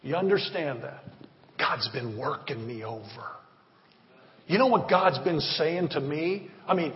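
A man's voice: a little high, expressive, unhurried. A man preaching and praying as a pastor, fervent and rhythmic, with repeated appeals. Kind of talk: sermon with prayer. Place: church hall. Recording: reverberant, dull church recording.

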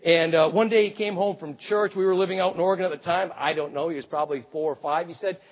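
A man in his fifties preaches a storytelling sermon, moving from booming repetition to hushed asides. His voice is high and husky. It echoes through a large church hall and sounds a little dull. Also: steady tone, quick pace.

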